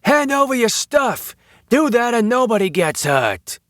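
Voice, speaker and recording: A man voicing a nervous, blustering street robber in an audiobook, shouting threats. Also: fairly high pitch, big pitch swings, measured pace, dry recording, studio quality, pitched above the performer's own voice. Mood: threatening.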